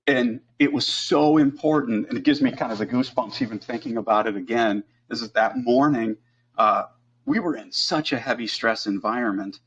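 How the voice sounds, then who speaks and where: A middle-aged man telling a personal story as a podcast guest, earnest and halting, with frequent fillers. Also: medium pitch, fairly bright tone, slightly rough, lo-fi sound.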